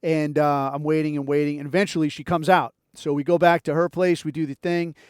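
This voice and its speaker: Profane man telling a story, smooth voice. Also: a little high, brisk, no room sound, studio quality. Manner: profane, animated, acts out quotes. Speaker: podcast host. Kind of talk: casual storytelling.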